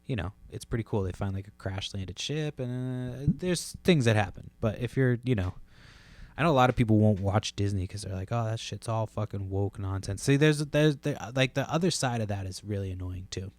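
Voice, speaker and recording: A man's voice: fairly low pitch, fairly quick, no echo. A man hosting a podcast alone, rambling casually with lots of fillers, restarts and swearing. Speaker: podcast host.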